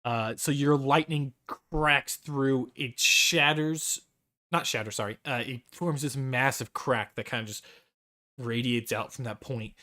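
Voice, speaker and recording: Guy dming a tabletop game, mid pitch, lots of uh and restarts, rambly. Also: steady tone, bright, forceful tone. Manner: loose, halting narration full of fillers and restarts. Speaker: dungeon master.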